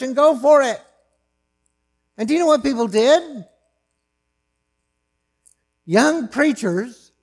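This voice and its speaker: A man preaching a sermon, swinging from loud, emphatic lines to hushed, low asides.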